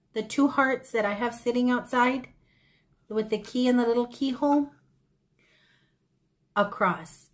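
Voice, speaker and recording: A woman vlogging a thrift haul, telling stories to her viewers in an effusive, rambling way full of tangents. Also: a little high. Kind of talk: casual chatty haul vlog.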